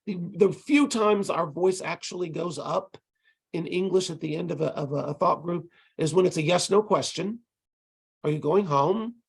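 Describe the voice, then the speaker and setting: A man's voice: high-pitched, normal speed, gravelly, husky. A man teaching language tutors in an online lecture, explaining step by step and tapping out rhythms with syllables, heard over a video call. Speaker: ESL instructor training tutors.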